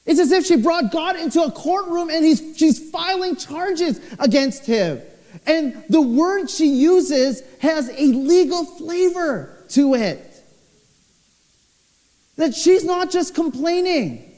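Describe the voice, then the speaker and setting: A young male pastor preaches in an unhurried, deliberate way, his fairly high voice leaping up and down as he tells stories. The sound carries a long church-hall reverb behind it. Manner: expressive storytelling, voice swinging low and high. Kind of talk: sermon.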